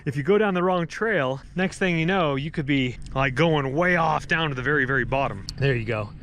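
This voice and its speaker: A man's voice: fairly high pitch, a little fast, a bit bright, a little hiss or hum. A man from Colorado talking casually and enthusiastically to his camera while out on a ski mountain, rambling between observations. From Colorado, USA. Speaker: vlogger. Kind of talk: casual vlog narration. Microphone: handheld phone and action camera.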